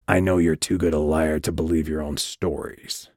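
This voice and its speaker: Audiobook role: a sandblasted, growling hooded stranger, played by a man, deep and dry. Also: flat delivery, moderate pace, darkish tone, no echo. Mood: intense. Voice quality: sandblasted, gravelly. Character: gruff, cryptic hooded male stranger.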